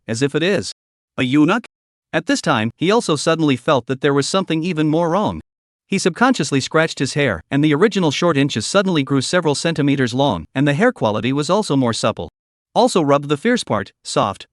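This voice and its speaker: A man narrating a fantasy comic story recap in a steady, even reading. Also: on the high side, dry recording, clean studio sound.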